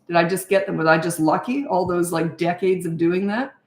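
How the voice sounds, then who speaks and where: Her voice is on the low side and fairly quick, with a roomy sound. She is a middle-aged woman coaching parents in a live Q&A, fielding viewer questions with frank advice and rhetorical questions.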